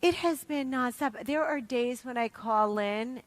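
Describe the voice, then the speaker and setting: A middle-aged woman with an East Coast American accent, giving an emphatic, animated motivational talk to a sales audience. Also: sits high, no room sound. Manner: emphatic, animated, fast and punchy, acts out quotes. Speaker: motivational speaker at a sales event.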